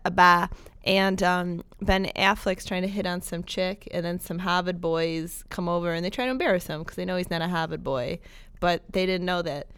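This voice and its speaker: A woman's voice: fairly low pitch, steady tone, fairly bright tone, smooth, dry recording. Chatty woman co-hosting a movie podcast. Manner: chatty, quick to laugh. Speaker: podcast co-host. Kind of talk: casual movie chat.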